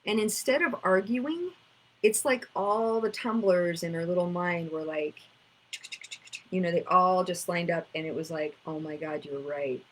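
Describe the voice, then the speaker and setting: A woman's voice: on the low side, a little slow, fairly bright tone, slight background noise, poor audio. A woman, teaching about inner child work in a casual storytelling way, acting out conversations. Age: 50s.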